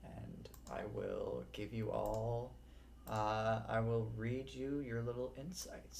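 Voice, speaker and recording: A man as game master, running an online tabletop game in a relaxed way with many fillers. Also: lowish voice, takes it slowly, gravelly, slight background noise.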